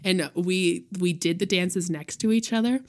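A young woman co-hosting a podcast in casual chat, her voice raspy and hoarse from overuse, animated and quick to laugh. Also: on the low side. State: hoarse, voice worn out. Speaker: podcast co-host.

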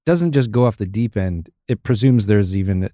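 A man co-hosting a podcast, bantering in a dry, measured way. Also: lowish voice, animated, dark tone, no room sound. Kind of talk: casual chat.

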